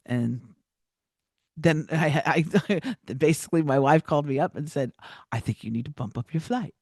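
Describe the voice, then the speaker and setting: A woman telling a personal story as a podcast guest, animated, with many restarts and acted-out quotes. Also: sits low, moderate pace, husky, no echo, studio quality.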